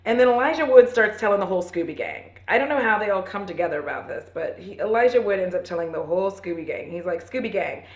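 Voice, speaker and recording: A woman in her thirties casually retelling a movie for a podcast, rambling and profane, with playful asides and quick voices for the characters. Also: medium pitch, lively intonation. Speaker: podcast host. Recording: roomy echo.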